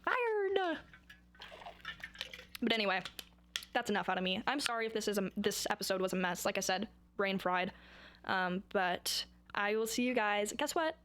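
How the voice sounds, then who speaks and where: A young woman talking in a casual vlog, rambling and excitable with dramatic outbursts. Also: mid-range voice, fairly quick. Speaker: vlogger.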